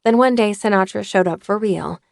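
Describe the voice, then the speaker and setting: A woman narrating an audiobook in a measured, even reading voice. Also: medium pitch, gravelly, no echo, clean studio sound.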